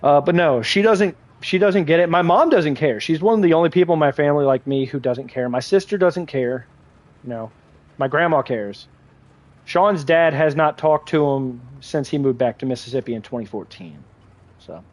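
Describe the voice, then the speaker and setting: A man's voice: fairly high pitch, expressive, normal speed. A young adult man streaming a game, telling a rambling personal story in casual chat and swearing now and then. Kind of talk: casual livestream chat while gaming.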